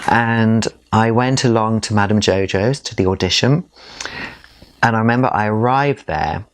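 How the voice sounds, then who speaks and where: A man's voice: on the low side, moderate pace, heavy background noise. A man from England, a drag performer, telling his story in a candid documentary interview.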